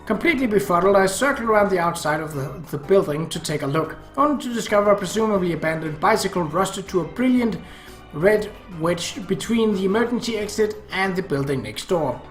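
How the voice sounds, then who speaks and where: A man's voice: high-pitched, expressive, brisk. A man reading a visual novel aloud in dry, wry first-person narration. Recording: echoey room, faint music.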